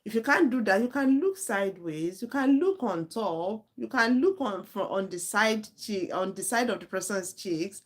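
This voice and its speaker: A woman's voice: mid-range voice, expressive, moderate pace, few pauses. A woman, teaching an IELTS speaking lesson live online in a direct, earnest way, repeating her points for emphasis. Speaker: IELTS tutor.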